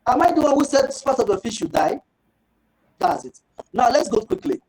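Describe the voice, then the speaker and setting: A man giving a fish farming training talk, lively and rhetorical, acting out little dialogues. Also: very high voice, normal speed, poor audio.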